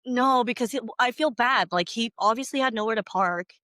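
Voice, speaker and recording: A woman whose first language is not English, telling a story on a podcast. She is animated, laughs often, swears freely and fills her talk with "like". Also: on the high side, fairly quick, no echo, clean studio sound. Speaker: podcast co-host. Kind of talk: casual storytelling.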